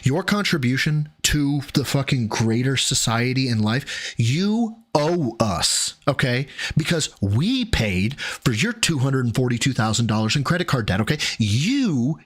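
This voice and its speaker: A man's voice: medium pitch, very animated, measured pace, hardly any pauses, slightly rough. A man hosting a live stream, reacting to clips with profane, sarcastic anger and thanking viewers. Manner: profane, angry ranting with sarcasm. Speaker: streamer host.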